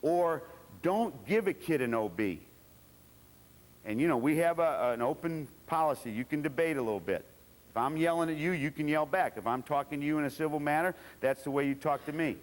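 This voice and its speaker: Blunt, fired-up football coach in a big hall. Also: male voice, fairly high pitch, brisk. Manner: blunt, profane, animated storytelling with acted quotes of players. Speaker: football coach giving a clinic talk. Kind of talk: coaching clinic lecture. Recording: long hall reverb.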